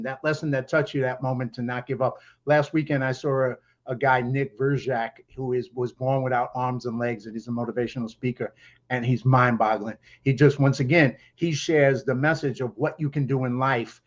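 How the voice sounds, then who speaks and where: A man hosts a podcast interview, reflecting on what his guest shared. His voice sits at a middle pitch, and the recording sounds slightly dull and lo-fi. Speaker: podcast host. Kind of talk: casual interview conversation.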